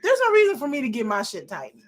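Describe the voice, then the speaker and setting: A woman's voice: high-pitched, huge pitch swings, fast. A woman in her forties recapping a reality show, blunt and profane, exasperated and repeating herself when riled. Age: 40s. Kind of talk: casual live episode commentary.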